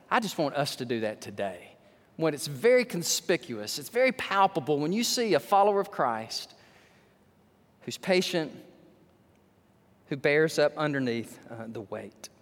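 A male pastor preaches in a church sanctuary, weaving a story into his sermon. His voice is fairly high and very lively, swinging from loud bursts to quiet asides. A long hall reverb trails every phrase. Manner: animated, swinging between loud and hushed.

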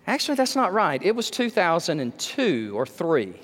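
A man's voice: a little high, big pitch swings, moderate pace, few pauses, long reverb tail. A man pastor preaching an emphatic sermon full of rhetorical questions, speaking in a church sanctuary.

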